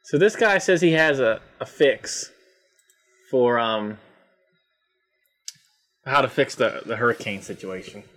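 A man's voice: medium pitch, takes it slowly, long pauses, a bit bright. A man co-hosting a podcast, chatting casually and reacting with laughs and disbelief to posts online. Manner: laughing, incredulous, swears freely. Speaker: podcast co-host.

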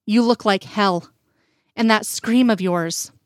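A woman's voice: mid-range voice, slow pace, dry recording, studio quality, close to an everyday voice. A woman voicing a worried woman who presses her partner to say what is wrong. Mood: worried insistent. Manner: concerned and insistent.

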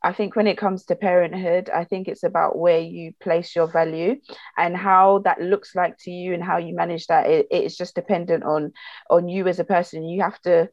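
A woman's voice: on the low side, level tone, moderate pace, a little mellow, no room sound, dull audio. A woman in her thirties co-hosting a podcast, talking in an earnest, reflective way. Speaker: podcast co-host. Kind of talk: casual chat.

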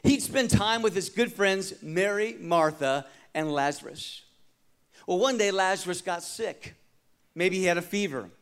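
A male pastor with a high voice delivers a sermon. He moves from loud, emphatic lines to quiet, hushed ones and calls out to the congregation for responses. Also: measured pace, smooth. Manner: dramatic preaching, swinging from loud emphasis to hushed tones.

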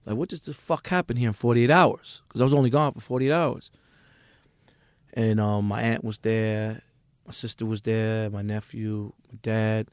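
A man's voice: on the low side, steady tone, normal speed, dry recording, clean studio sound. A middle-aged man from Queens with a New York accent, a music manager telling his story bluntly and profanely as a podcast guest. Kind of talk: candid podcast interview.

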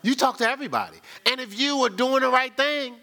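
This man's voice sits very high, bright and forceful, and he talks a little fast. He's a pastor giving a colloquial, chatty sermon, frequently checking in with the congregation with a call-and-response "right?"

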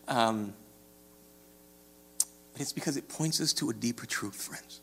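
A man preaching a sermon, conversational and checking in with "right?", rising to animated storytelling. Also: medium pitch, a little slow, creaky, long pauses, breathy edge. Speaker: pastor.

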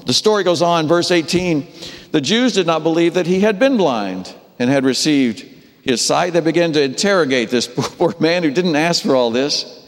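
A man preaching a sermon, telling the story with animated delivery and acting out the characters' voices. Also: fairly high pitch, normal speed, big-room sound. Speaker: pastor.

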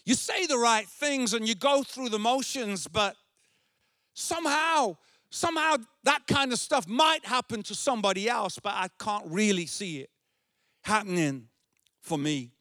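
A male pastor preaching an earnest sermon, repeating phrases and rising to shouted emphasis. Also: sits high, a little slow, dry recording, clean studio sound.

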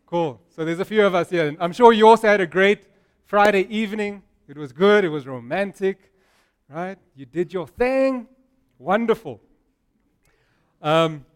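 A man delivers a sermon to his congregation in a conversational, playful way, often tossing in "right?" to draw the room in. His voice sits high for a man. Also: clean tone. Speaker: pastor. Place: church service with a live congregation.

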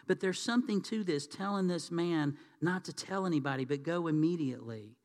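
A man's voice: on the high side, moderate pace, hardly any pauses. Preacher guy talking casual from the pulpit, long echo in the hall. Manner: conversational, folksy preaching. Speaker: pastor. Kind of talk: sermon. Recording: reverberant hall.

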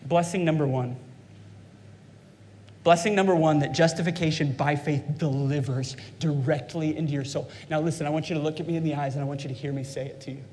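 A man's voice: a little high, steady tone, fairly quick, a little mellow, a little hiss or hum. A man preaching a fervent sermon as pastor, calling out to his congregation. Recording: long hall reverb.

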